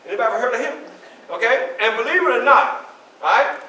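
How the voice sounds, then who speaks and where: Speaking quickly and with heavy theatricality, a male historical reenactor brings Frederick Douglass to life, narrating as the proud orator and statesman himself and energetically addressing the crowd. The voice is bright and pitched high. It is picked up from afar in an indoor library event hall full of reverberation, under a faint hiss.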